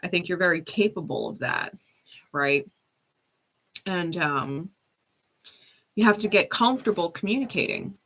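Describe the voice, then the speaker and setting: Woman, tarot reader on a live stream, bright voice, casual and chatty, laughs easily. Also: lowish voice, animated, measured pace, creaky, pauses often. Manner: casual, chatty, laughs often, frequent "right?". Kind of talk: live-stream reading and chat.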